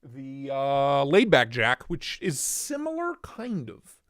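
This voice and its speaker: A man's voice: mid-range voice, wildly swooping pitch, slow pace, fairly bright tone. A man hosting a casual livestream, joking and rambling as he shows off gear and greets viewers by name. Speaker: livestream host reviewing knives and lights.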